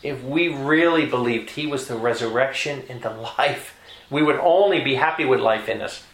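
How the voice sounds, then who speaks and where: Man, preacher, sermon, emphatic and repetitive, mid-pitched voice, roomy echo. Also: normal speed, a bit bright. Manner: emphatic, repeats key phrases, climbs in pitch for emphasis. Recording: echoey room.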